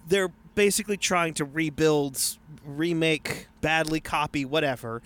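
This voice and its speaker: Slightly high-voiced, chatty man co-host. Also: a little slow, fairly bright tone. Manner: chatty, jokey, repeats words when thinking. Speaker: podcast co-host. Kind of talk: casual chat.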